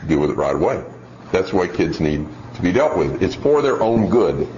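A man's voice: sits low, big pitch swings, moderate pace, a little mellow. A man preaches about raising children, his voice rising and falling as he acts out nagging parents. The recording is echoey and a little dull, with faint hiss behind him. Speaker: speaker teaching on child training. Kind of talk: sermon-style teaching talk.

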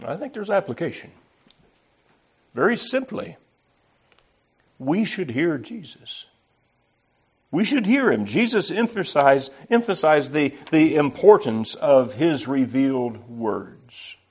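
A man's voice: a little high, expressive, slow, long pauses, a little mellow, husky. A man preaching an earnest, emphatic sermon and reading scripture aloud. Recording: slightly dull lo-fi recording.

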